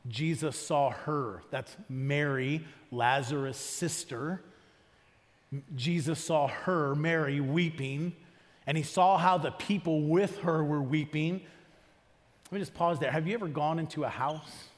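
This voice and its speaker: Conversational pastor in a reverberant hall. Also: male voice, on the high side, measured pace. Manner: conversational preaching, asks the congregation questions. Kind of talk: sermon. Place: church auditorium.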